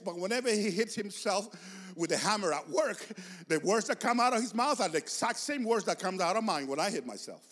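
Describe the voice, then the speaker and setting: A man's voice: sits high, sing-song, normal speed, a bit bright. Passionate preacher man in a reverberant hall. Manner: passionate, emphatic preaching with repeated phrases. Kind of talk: sermon.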